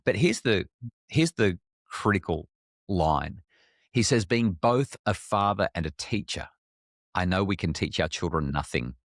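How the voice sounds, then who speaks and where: A man's voice: low-pitched, expressive, unhurried, no echo, clean studio sound. A middle-aged man with an Australian accent, a parenting expert speaking candidly in a podcast interview, with frequent restarts. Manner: frank and self-deprecating, many restarts.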